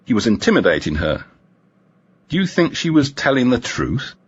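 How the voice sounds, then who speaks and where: Male detective inspector, read by a narrator, earnest, husky voice, slightly raised pitch, lo-fi sound. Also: huge pitch swings, normal speed. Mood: reflective.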